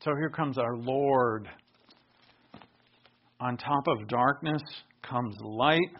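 A man preaching a conversational Bible teaching sermon, moving between relaxed explanation and emphatic raised bursts. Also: medium pitch, slow. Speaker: pastor. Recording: dull lo-fi recording.

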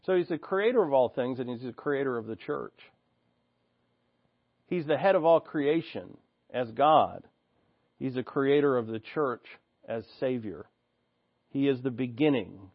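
A man's voice: mid-range voice, lively intonation, a little slow, pauses often, no echo, highs cut off. Earnest preacher man teaching scripture. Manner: earnest teaching, reads scripture aloud then explains it. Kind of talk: expository sermon.

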